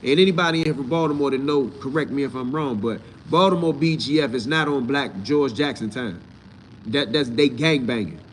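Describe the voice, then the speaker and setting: A man's voice: medium pitch, fairly quick, slight background noise. A man hosting his own channel, answering live chat in a casual, blunt and profane way, often mocking the commenters. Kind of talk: casual livestream talk.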